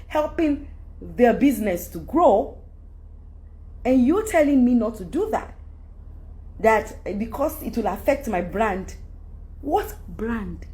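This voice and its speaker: Emphatic Nigerian woman, lively high voice. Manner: emphatic, rambling, switches into Yoruba. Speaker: celebrity speaking to followers. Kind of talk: candid monologue.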